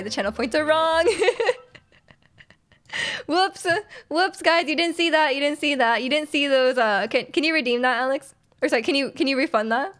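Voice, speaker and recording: A woman's voice: high-pitched, fairly bright tone. A young woman from Canada live-streaming a game, chatting with her viewers and laughing often. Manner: giggly, chatty, reads chat aloud. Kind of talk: casual live-stream chat while gaming.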